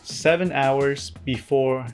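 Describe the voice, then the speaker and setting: A man narrating his own vlog in a scripted, deadpan way, with wry asides and an earnest, introverted manner. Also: medium pitch, takes it slowly, loud music behind the voice. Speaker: vlogger.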